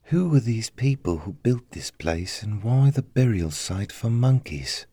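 A man voicing a frightened young British woman archaeologist, pushing his voice up high and breathless. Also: big pitch swings, a little slow, mellow, slightly rough, no room sound, exaggerated voice. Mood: curious. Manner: breathless, rising to a high cry.

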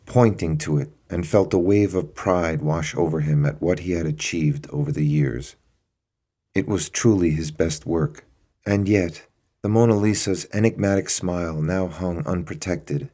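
A man reading a dramatic story aloud in a steady, measured way. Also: low voice. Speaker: narrator. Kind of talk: scripted storybook narration.

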